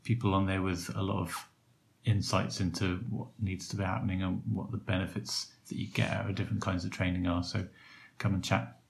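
Gravelly low-voiced man hosting a podcast. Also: a little fast, a little hiss or hum. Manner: relaxed, rambling with fillers. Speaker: podcast host. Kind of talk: casual podcast chat.

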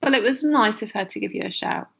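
A woman's voice: fairly high pitch, fast, creaky, husky. Reassuring woman with a posh English accent. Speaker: podcast co-host. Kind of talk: casual chat.

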